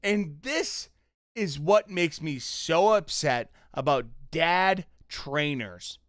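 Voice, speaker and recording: A young man streaming a live reaction, angry and profane, shouting bursts that trail off into mutters. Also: a little high, expressive, slow, dry recording, clean studio sound. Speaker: streamer reacting to a boxing fight.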